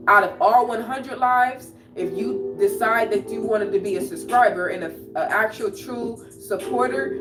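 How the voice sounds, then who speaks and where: A woman poet hosting a livestream, speaking rawly and confrontationally and repeating phrases as she talks to her viewers. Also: medium pitch. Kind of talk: emotional livestream monologue. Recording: roomy echo, distant mic, music behind.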